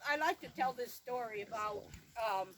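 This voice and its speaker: A middle-aged woman sharing memories at a family memorial gathering, telling stories in a halting, rambling way with many restarts. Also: fairly high pitch, slight background noise. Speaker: former daughter-in-law sharing memories. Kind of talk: informal memorial remembrance.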